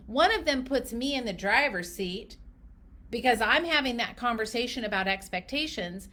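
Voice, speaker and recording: A woman coaching clinicians on running their practice, talking straight to the listener in an emphatic, animated way and acting out bits of patient dialogue. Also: on the high side. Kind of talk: direct-to-camera business coaching.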